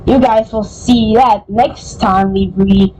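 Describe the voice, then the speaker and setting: A woman's voice: medium pitch, fairly even intonation, slow, mellow, low-quality recording. A woman reading a children's storybook aloud, casual, often stumbling and correcting herself. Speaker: storybook reader.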